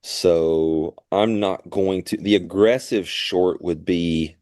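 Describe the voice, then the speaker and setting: A man co-hosting a live trading show, giving steady market commentary. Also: low voice, slow, dry recording, clean studio sound.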